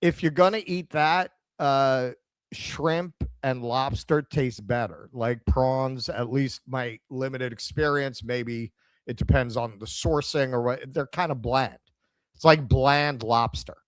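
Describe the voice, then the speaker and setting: A middle-aged man with a New York accent, co-hosting a casual chat and telling a story with animated quoted dialogue. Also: mid-range voice, takes it slowly, clean tone, dry recording. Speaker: podcast co-host.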